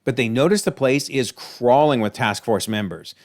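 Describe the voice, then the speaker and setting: A man hosting a video, recapping a TV episode in an animated, exclaiming way. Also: medium pitch, moderate pace. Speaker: video host.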